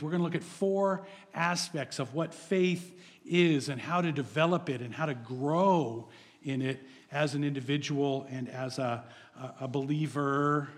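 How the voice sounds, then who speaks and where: A man's voice: fairly high pitch, long reverb tail. A male pastor preaching an earnest, encouraging sermon, often repeating words as he goes.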